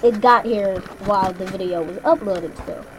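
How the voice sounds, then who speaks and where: A woman's voice: medium pitch, normal speed, noisy background. A young woman co-hosting a gaming video in casual chat, rambling through stories with lots of "like" and "basically" and swearing freely.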